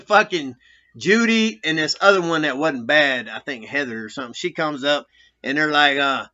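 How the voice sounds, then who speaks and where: Man, ex-con storyteller, rambling and foul-mouthed, cutting bright voice, dull recording. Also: medium pitch, brisk. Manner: profane, laughing, rambling. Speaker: former prisoner telling stories. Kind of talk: casual storytelling.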